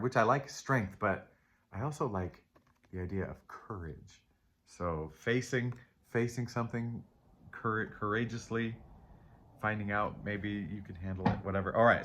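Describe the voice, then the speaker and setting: A man hosting a casual tarot reading, rambling and reflective, often trailing off, questioning himself and laughing softly at himself. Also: on the low side, normal speed. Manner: candid and self-deprecating, with soft laughs. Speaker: tarot reader and channel host. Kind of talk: casual spiritual chat while reading tarot.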